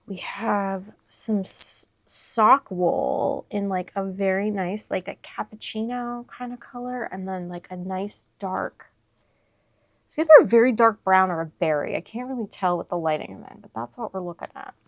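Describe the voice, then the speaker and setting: Excited woman with gravelly fry. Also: mid-range voice, moderate pace, dry recording. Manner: gushing, breathless excitement with whispered asides. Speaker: crochet channel host. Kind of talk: excited unboxing vlog.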